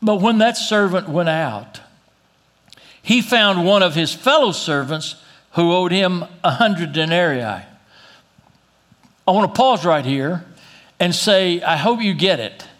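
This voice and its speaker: A man preaching a sermon as pastor, reading scripture aloud and dropping low and slow to press his points, with an occasional cough. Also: animated, a bit bright. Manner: reads scripture then drops low and slow for emphasis; coughs now and then.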